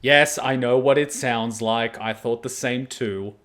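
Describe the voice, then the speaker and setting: A man from Australia, hosting an anime reaction video and chatting casually with jokey, animated storytelling. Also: medium pitch, unhurried. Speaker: anime reaction channel host.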